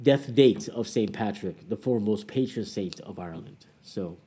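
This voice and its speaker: A man's voice: lowish voice, normal speed, warm tone. A man in his thirties co-hosting a podcast, chatting casually and arguing his opinions with emphasis. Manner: opinionated, emphatic, laughs often. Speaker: podcast co-host. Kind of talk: casual chat.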